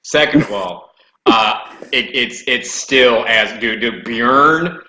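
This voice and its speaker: A man's voice: mid-range voice, takes it slowly, sharp tone. A man in his thirties in casual chat, swearing freely and calling his brother "dog". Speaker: guest, host's brother. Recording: echoey room, faint noise.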